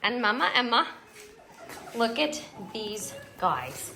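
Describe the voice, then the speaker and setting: A woman's voice: on the high side, very animated, drawn-out words, gravelly, pauses often, very noisy. An adult woman, a dog breeder, filming her puppies at home on a phone, cooing at them in baby talk. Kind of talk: casual home video narration. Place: indoors at home by a puppy bed. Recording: loud puppy whimpers behind voice. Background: loud puppy whimpering and yips.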